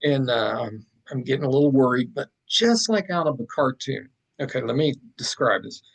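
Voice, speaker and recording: A man, a podcast guest and artist, telling a story in a casual, animated way with plenty of fillers and asides. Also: medium pitch, normal speed, gravelly, husky, poor audio.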